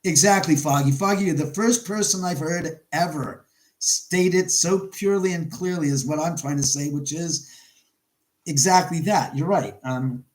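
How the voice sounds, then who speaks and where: A middle-aged man chats casually on a livestream from his own house, with a voice pitched a little high. He tells long, wandering stories and breaks off to greet viewers in the chat. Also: moderate pace, darkish tone, rough recording. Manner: rambling storyteller, reads chat aloud. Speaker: livestream host.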